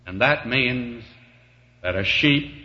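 Slow, fervent male preacher, lo-fi. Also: medium pitch, expressive, sharp tone. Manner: slow, folksy storytelling that swells to fervent emphasis; repeats the phrase "may I say to you". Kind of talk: sermon.

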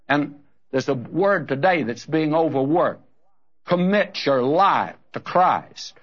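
A man's voice: a little high, a bit bright, muffled recording. A man preaching a sermon in an earnest, direct way, calling his listeners friend and brother.

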